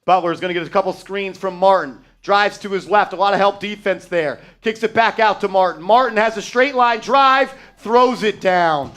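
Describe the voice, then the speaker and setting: A man calls the game play-by-play for a fan live stream, his voice sitting a touch high. He runs through the action quickly and flares into shouting and swearing when the team blows a play. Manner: excitable, shouts and swears at bad plays.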